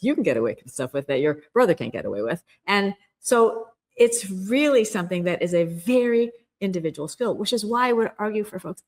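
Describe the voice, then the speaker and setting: Earnest, emphatic woman coaching. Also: medium pitch. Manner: earnest and emphatic, acts out quoted inner voices. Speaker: guest, communication coach. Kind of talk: podcast interview.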